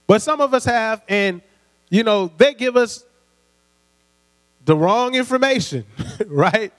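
A man with a high voice preaches a sermon. His delivery is conversational and full of call-and-response, with light laughs between points. His voice rings with long hall reverb over a steady mains hum. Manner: call-and-response, prompting the congregation.

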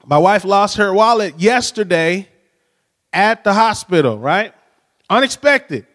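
High-voiced man preaching in an echoing hall. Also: animated, a little slow, a bit bright. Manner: storytelling, frequent "right?" tag questions. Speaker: pastor. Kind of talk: conversational sermon. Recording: long hall reverb.

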